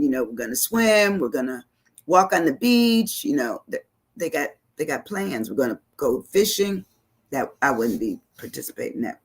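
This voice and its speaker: A woman's voice: extremely low pitch, a little mellow. A woman hosting an online talk show, chatting casually and reflectively as she reads viewer comments aloud, with many "you know" asides.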